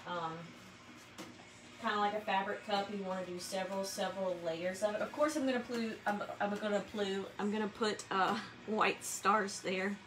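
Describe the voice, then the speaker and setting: A woman's voice: medium pitch, fairly even intonation, moderate pace, a bit bright. Chatty woman crafting, roomy echo. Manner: chatty, laughs easily, explains as she works. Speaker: crafter demonstrating tumbler making. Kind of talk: casual livestream tutorial. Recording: roomy echo with background noise.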